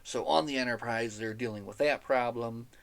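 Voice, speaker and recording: A man talks through a book he clearly enjoyed, in a relaxed, chatty recap. He sounds enthusiastic and amused, with a mid-range voice that is neither high nor low. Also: moderate pace. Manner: enthusiastic, chatty, laughs at the story. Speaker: podcast host reviewing a novel.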